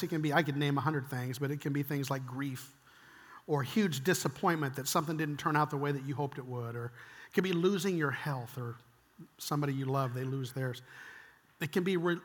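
In the long reverb of a church hall, an older pastor with a high, bright voice gives a conversational sermon. He acts out the lines he quotes and occasionally sinks into a hushed whisper.

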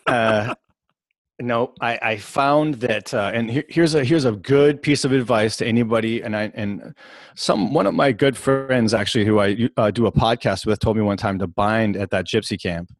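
A man's voice: on the low side, moderate pace, no echo, studio quality. A man hosting a podcast, telling a long rambling game story in casual chat, often restarting his sentences. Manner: rambling, animated, self-interrupting storyteller. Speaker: podcast host.

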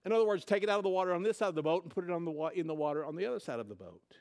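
A man's voice: sits high, lively intonation, very fast, darkish tone. A man preaching a sermon, retelling a scripture story in casual, conversational words. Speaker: pastor.

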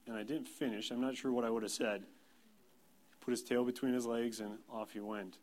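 A man's voice: mid-range voice, steady tone, a little fast. A man in his thirties, a pastor, giving a sermon in a plain, conversational storytelling way, self-deprecating. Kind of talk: sermon with personal anecdotes.

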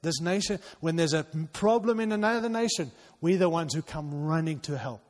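Man, pastor, sermon, high pitched, impassioned, long hall reverb. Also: normal speed. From outside the United States. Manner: impassioned, swings between loud urging and quiet intensity. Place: church hall.

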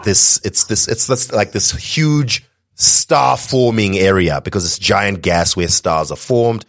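An excitable man from Zimbabwe co-hosting a podcast, his low voice running on with restarts and asides. The sound is dry and close, with no room around it. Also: takes it slowly, gravelly, no room sound. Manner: enthusiastic, rambling with restarts. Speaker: podcast co-host. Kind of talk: casual podcast chat.

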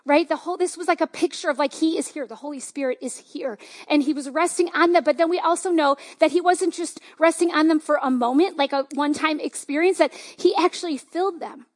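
A woman's voice: high voice, fairly quick. A woman pastor giving a conversational, enthusiastic sermon with lots of fillers.

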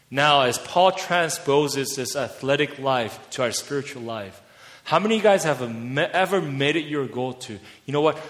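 A man's voice: fairly high pitch, a bit bright. A man preaching a fervent sermon, his voice rising to emphatic peaks as he urges his listeners on. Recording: long hall reverb.

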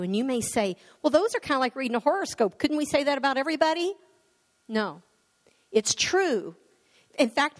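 High-voiced woman preaching in a reverberant hall. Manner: emphatic, conversational preaching. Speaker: pastor. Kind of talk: sermon with led prayer. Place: church sanctuary.

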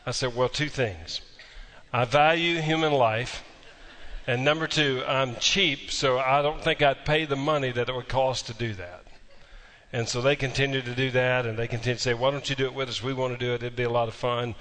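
A man's voice: medium pitch, fairly even intonation, moderate pace, a bit bright, long reverb tail. A man preaching a sermon as pastor, telling a humorous story before moving into emphatic preaching.

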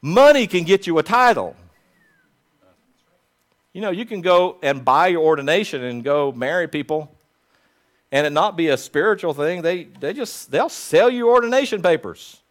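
A man's voice: animated, normal speed. A man preaching a sermon to his congregation, talking conversationally and building to urgent exhortation. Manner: retells a story in a low, quiet voice. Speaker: pastor.

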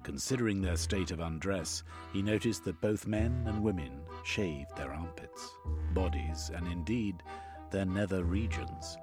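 A man's voice: low voice, unhurried, over music. A man narrating a story in a dry, mock-formal manner.

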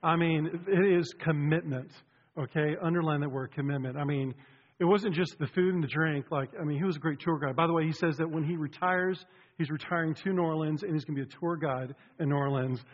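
Chatty joking pastor in a reverberant hall. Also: male voice, on the high side, fairly quick. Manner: chatty, joking, animated storytelling. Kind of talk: casual sermon opening. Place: church sanctuary. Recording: dull sound, long hall reverb.

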